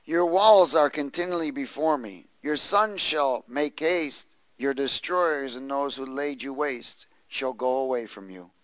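A pastor reads scripture aloud at a measured pace with few pauses, his mid-range voice a bit bright. He prompts the congregation to answer and repeat after him, and the rough recording has no room sound.

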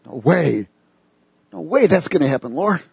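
A man preaching and voicing an eager, boastful disciple in a slangy, excitable, overprotective way. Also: a little high, moderate pace, vocal fry, husky, no room sound, pitched above the performer's own voice, exaggerated voice.

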